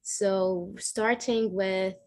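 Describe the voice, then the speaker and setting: Woman running a speakers club meeting, unhurried, teasing. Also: mid-range voice, steady tone, a crowd in the background. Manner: slow, playful teasing. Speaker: meeting host.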